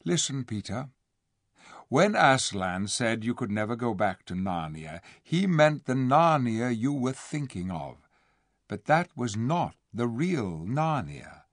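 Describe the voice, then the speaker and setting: A wise old lord , as a man reading aloud puts him on, speaks softly and reassuringly, his words rising and falling with feeling. The recording is close and dry, with no room sound. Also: mid-range voice, big pitch swings, slow, no room sound, exaggerated voice. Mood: gentle. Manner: soft-spoken and reassuring. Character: wise, gentle old male lord and scholar. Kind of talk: audiobook character voice.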